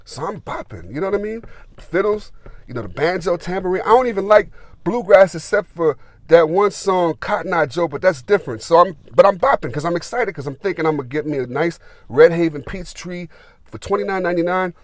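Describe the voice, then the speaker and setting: A man's voice: high voice, expressive, brisk, no echo. A man, telling a rambling, filler-heavy story as a gardening vlogger. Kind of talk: casual storytelling.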